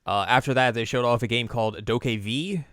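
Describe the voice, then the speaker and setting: A man's voice: mid-range voice, fairly quick, fairly bright tone, no room sound. A man co-hosting a podcast in casual chat, laid-back and chatty, with dry asides and chuckles. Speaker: podcast co-host.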